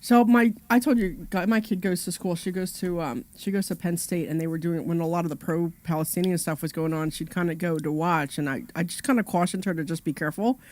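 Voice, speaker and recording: Quick, chatty female radio co-host. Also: lowish voice, steady tone, a little mellow. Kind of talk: casual radio talk show banter.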